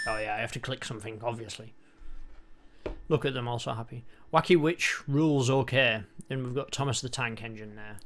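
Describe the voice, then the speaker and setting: A man giving sarcastic, sweary let's-play commentary on an old game, with deadpan asides. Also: medium pitch. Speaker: gaming channel host.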